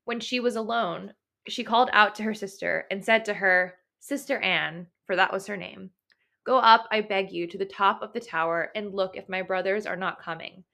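Bright, crisp-toned woman; expressive reader and giggly co-host. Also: medium pitch, moderate pace. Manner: expressive, laughs often. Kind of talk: reading aloud and casual book chat.

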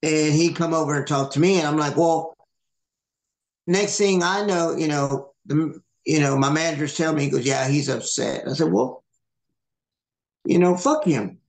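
A man's voice: a little high, fairly even intonation, moderate pace, creaky. A man hosting a podcast, casually telling a long story, swearing and acting out the people he quotes. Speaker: podcast host. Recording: echoey room.

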